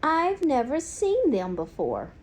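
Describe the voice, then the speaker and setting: A woman voicing a small anxious male classroom hamster with a squeaky voice, reading a storybook. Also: slow, exaggerated voice. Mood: puzzled. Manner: fretful, excitable, gasping.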